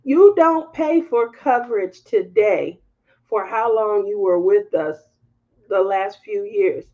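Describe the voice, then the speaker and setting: A woman hosting a craft livestream, telling a story to her viewers in candid, animated casual chat and laughing as she goes. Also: medium pitch, slow, dull audio.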